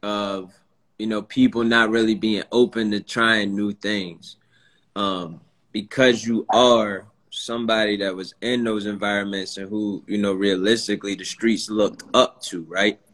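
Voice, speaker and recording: A man hosting a podcast, talking in relaxed slang and giving short replies. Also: fairly low pitch, a little slow. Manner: laid-back slang, short backchannel replies. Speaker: podcast host. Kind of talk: casual chat.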